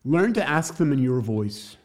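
A man's voice: medium pitch, sing-song, a little slow, darkish tone. A man teaching a church class on evangelism, jokey and emphatic, talking straight to his listeners.

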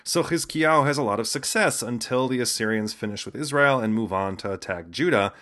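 A man's voice: mid-range voice, a little fast, fairly bright tone. A man giving humorous scripted narration, sliding in wry, casual asides.

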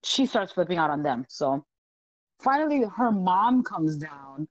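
A woman guest on a podcast telling a wild story in casual chat, animated and profane, laughing often. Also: on the low side, measured pace, dry recording, dull audio.

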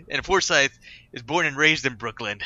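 A man's voice: mid-range voice, measured pace, bright, forceful tone, no room sound, highs cut off. A man co-hosting a podcast, telling stories in a crude, exasperated way. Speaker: podcast co-host. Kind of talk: casual movie-review chat.

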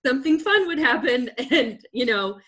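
A woman's voice: sits high, expressive, moderate pace, a bit bright. Chatty, enthusiastic woman host. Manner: chatty, laughs easily, enthusiastic. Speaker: podcast host. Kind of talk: casual interview chat.

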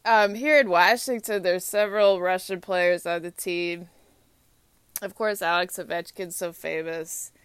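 A young woman speaks slowly in a low, smooth voice, recorded dry and close. Her casual talk wanders and repeats itself, with many filler pauses. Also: steady tone, no room sound. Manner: rambling and repetitive, with frequent filler pauses. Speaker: hockey fan. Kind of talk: casual spoken monologue.

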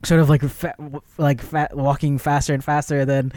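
A man's voice: fairly high pitch, normal speed, no room sound, clean studio sound. A man co-hosting a podcast, casually retelling a film scene by scene with lots of fillers. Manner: rambling, filler-heavy, animated retelling. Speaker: podcast co-host. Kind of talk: casual film review chat.

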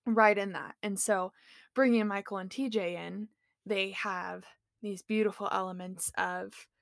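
A woman co-hosting a podcast, talking in a measured, logical and reflective way during casual conversation. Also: medium pitch, steady tone, vocal fry, no echo, clean studio sound. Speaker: podcast co-host. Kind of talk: casual chat.

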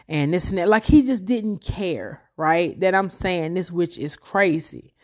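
Young woman host, lower voice, rambling emotional storytelling, casual and chatty. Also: moderate pace, hardly any pauses, a little mellow. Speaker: podcast host.

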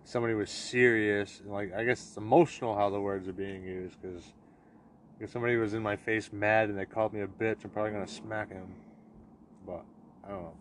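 Young male co-host, low relaxed voice, jokey, light hiss behind. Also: brisk. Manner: joking, laid-back, trails off quietly. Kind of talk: casual chat.

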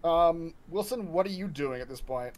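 A man narrating a tabletop horror game as game master, halting and full of restarts. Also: fairly high pitch, animated, darkish tone. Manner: halting, restarts mid-sentence, many ums.

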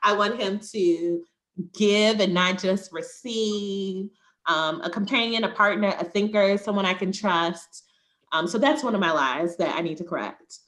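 A woman's voice: mid-range voice, measured pace, fairly bright tone. A woman co-hosting a podcast, talking candidly and reflectively, often laughing. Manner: reflective, laughs often, acts out quoted voices. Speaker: podcast co-host. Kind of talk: candid conversational chat.

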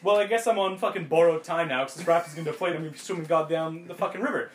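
Brief: young male co-host, slightly high voice, swearing storyteller, roomy echo. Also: fast talker. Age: young adult. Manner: profane, animated storytelling. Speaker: podcast co-host. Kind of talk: casual chat, storytelling.

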